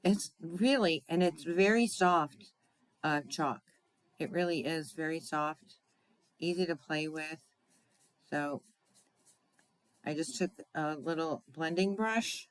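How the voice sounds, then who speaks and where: A woman's voice: deep voice, slow, long pauses, no room sound, low-quality recording. A woman hosting a card-making tutorial in a chatty way, often checking in with "right?" and laughing at her own slips. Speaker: crafting demonstrator.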